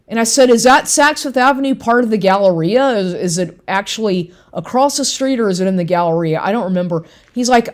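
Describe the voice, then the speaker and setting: A woman's voice: mid-range voice, fairly quick. A woman from Texas telling a story about a lying ex in a casual rant, acting out both sides of the conversation and swearing often. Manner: animated, quotes people, swears, repeats herself.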